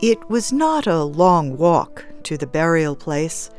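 A woman narrating a story in a measured, even storytelling manner. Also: low voice, over music.

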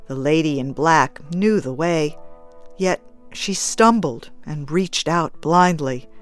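Slow, low-voiced woman storyteller. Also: no echo, studio quality. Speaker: audiobook narrator. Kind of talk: scripted narration.

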